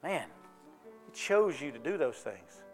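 High male voice, down-home church preacher, faint music bed. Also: very animated, unhurried. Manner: folksy, conversational preaching with call-and-response questions. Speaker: pastor. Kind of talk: sermon.

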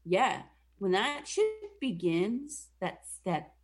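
A young woman casually retelling a movie plot for a comedy podcast. She swears a lot and keeps dropping into quick mock voices for the characters. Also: medium pitch. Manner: profane, animated, does mock voices for the characters.

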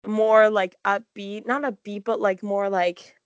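A young woman co-hosting a casual chat, telling an excited, gushing story full of "like". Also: mid-range voice, unhurried, no echo, dull audio. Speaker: podcast co-host.

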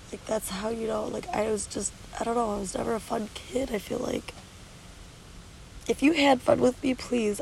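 A woman's voice: fairly high pitch, vocal fry, dark tone, slight background noise, low-quality recording. A woman vlogging candidly outdoors at the beach, worn out from no sleep and tearful with a stuffy nose, talking in a weary, rambling, blunt way with swearing. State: exhausted and sleep-deprived. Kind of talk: candid confessional vlog.

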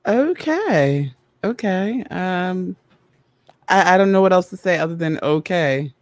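A podcast co-host chatting casually about reality TV, deadpan and halting, searching for words. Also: medium pitch.

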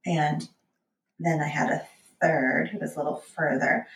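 A woman's voice: sits low, fairly even intonation, a little slow, roomy sound, distant mic, poor audio. A candid woman in her forties, a guest author telling personal stories in a conversational podcast interview. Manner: candid, storytelling, acts out quotes.

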